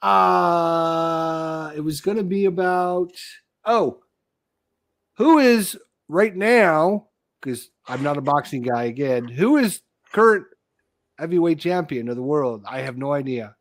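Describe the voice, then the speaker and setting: A man's voice: a little high, expressive, slow, no room sound, clean studio sound. A man hosting a casual live chat show. He rambles, restarts his sentences and loses his train of thought. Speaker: podcast host.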